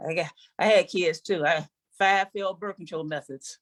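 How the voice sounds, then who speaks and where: A woman's voice: fairly low pitch, fairly even intonation, moderate pace, noisy background. An older woman performing a sassy, conversational stand-up comedy set on stage before a live audience, teasing the crowd.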